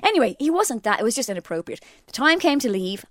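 Brief: a woman co-host who tells stories quickly and laughs along. Dry, close sound. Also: on the high side, no room sound. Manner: lively, anecdotal, laughs often. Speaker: podcast co-host. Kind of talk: casual chat, storytelling.

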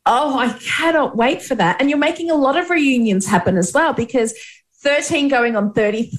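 A woman's voice: sits high, lively intonation, normal speed. A woman interviewing a guest, eager and gushing in her questions.

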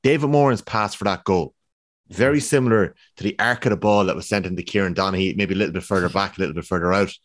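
A man hosting a podcast and briskly leading the questions. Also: sits low. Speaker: host. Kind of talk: casual podcast chat.

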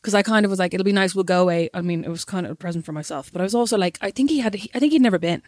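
A woman's voice: medium pitch, rapid-fire, darkish tone, no echo, clean studio sound. A young Irish woman, a podcast co-host, telling a story in casual chat and acting out the quotes.

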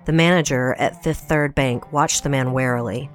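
A woman from Tennessee with a Southern American accent, a guest podcast host reading a scripted true-crime story in a measured storytelling way. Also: very deep voice, fairly even intonation, faint music behind. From Tennessee, USA.

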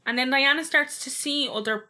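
Brief: young woman, fairly high bright voice, blunt and animated podcast co-host. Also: normal speed. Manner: blunt, swears freely, animated storytelling. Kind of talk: casual chat.

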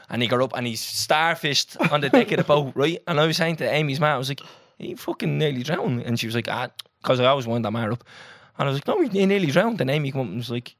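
A young Irish man co-hosting a podcast, telling a story in an animated, sweary, casual way. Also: mid-range voice, no echo, clean studio sound. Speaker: podcast co-host. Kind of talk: casual chat.

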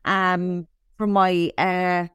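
A young Irish woman telling an animated story on a podcast, swearing freely as she talks. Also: lowish voice, very slow, clean tone. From Ireland. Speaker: podcast co-host. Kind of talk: casual chat.

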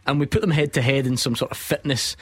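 A man's voice: mid-range voice, fairly even intonation, quick pace, fairly bright tone, husky. A man hosting a sports radio phone-in, chatty and jokey, often breaking into laughter.

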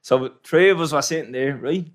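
A man's voice: on the high side, moderate pace. A young Irish man telling a brash, slangy story in casual chat.

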